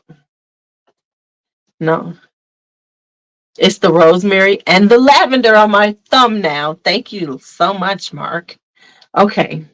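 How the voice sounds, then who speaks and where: A woman's voice: medium pitch, poor audio. A woman talking casually to her viewers as she reviews perfume, blunt and frank, often calling them "y'all". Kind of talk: casual fragrance review vlog.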